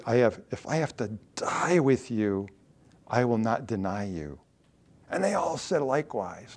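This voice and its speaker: A male pastor preaching a sermon, reading scripture aloud with dramatic quoted lines and dropping to a low, earnest voice. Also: sing-song, normal speed, darkish tone.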